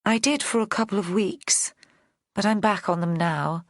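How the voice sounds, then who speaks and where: A woman reading an audiobook, voicing a calm, imperious woman suspect with a posh southern English accent. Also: mid-range voice, normal speed, no room sound, clean studio sound, pitched above the performer's own voice, lightly acted. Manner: haughty and cool. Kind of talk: audiobook character voice.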